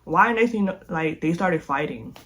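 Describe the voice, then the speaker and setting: A young adult telling a casual storytime vlog in an animated, slangy way, full of filler sounds. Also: medium pitch, moderate pace, slight background noise. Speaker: vlogger.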